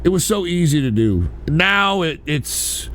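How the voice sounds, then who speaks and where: A man's voice: fairly high pitch, big pitch swings, a little slow, a bit bright. A man chatting casually as a streamer, rambling, swearing freely and talking loosely about his past. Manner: rambling, profane, loose and conversational. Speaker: streamer reacting to a clip. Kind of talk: casual chat.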